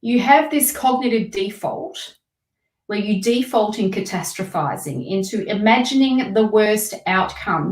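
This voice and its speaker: Chatty woman tarot reader, roomy sound. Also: mid-range voice. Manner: chatty, greets viewers, emphatic advice. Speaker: tarot reader doing live readings. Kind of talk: casual live-stream reading.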